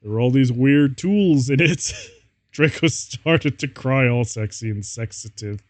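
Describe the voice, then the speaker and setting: A man's voice: medium pitch, measured pace, dry recording. A male streamer reading fan fiction aloud, amused and laughing often.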